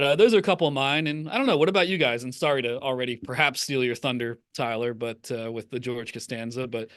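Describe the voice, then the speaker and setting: Uomo che chiacchiera con voce asciutta. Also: male voice, medium pitch, a bit bright, no room sound, clean studio sound. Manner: rambling, hesitant with many fillers. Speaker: podcast co-host, writer. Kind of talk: casual chat.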